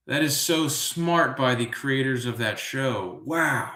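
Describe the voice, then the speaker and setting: Male trivia host, mid pitch, jokey and rambling, echoey room sound. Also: takes it slowly, few pauses, a bit bright. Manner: goofy, self-amused, riffs on tangents. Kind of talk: rambling live trivia commentary.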